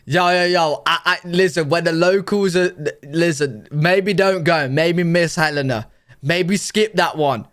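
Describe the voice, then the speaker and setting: A man's voice: on the high side, measured pace, fairly bright tone. A man with a British accent chatting animatedly while reacting to a video, with plenty of fillers and asides. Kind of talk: casual reaction chat.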